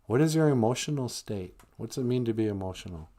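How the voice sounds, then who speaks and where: A man's voice: medium pitch, lively intonation, a little fast, warm tone. A man hosting a live stream, talking casually and with dry humor about emotions and spirit. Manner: wry, joking, conversational, slips into comic voices. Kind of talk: casual teaching monologue.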